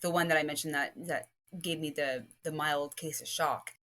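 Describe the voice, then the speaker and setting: Female podcast guest, deep voice, lively, chatty storyteller with lots of fillers. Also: moderate pace. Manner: lively, rambling storytelling full of "like" and restarts. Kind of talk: casual podcast chat.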